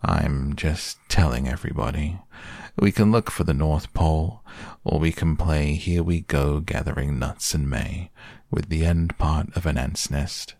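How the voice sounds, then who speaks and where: A man's voice: extremely low pitch, no room sound, clean studio sound, full character voice. Eeyore, a man doing a sulky old donkey. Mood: gloomy. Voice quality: slow, flat, sulky drawl. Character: gloomy old grey donkey, grumbling.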